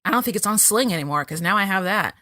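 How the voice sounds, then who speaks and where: Animated, bright-voiced woman podcast host. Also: medium pitch, fast talker, dry recording, studio quality. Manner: laughs often, chatty and animated. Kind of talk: casual podcast chat.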